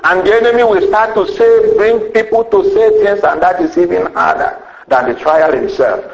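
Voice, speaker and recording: A man's voice: high-pitched, moderate pace, vocal fry, hardly any pauses, echoey room, lo-fi sound. A man preaching a sermon with emphasis, rhetorical questions and a repeated refrain.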